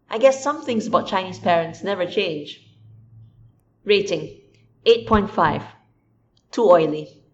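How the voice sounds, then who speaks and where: A woman's voice: mid-range voice, a little mellow, muffled recording. A woman reading a first-person story aloud in a dry, wry food-diary manner. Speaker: story reader. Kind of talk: scripted first-person narration.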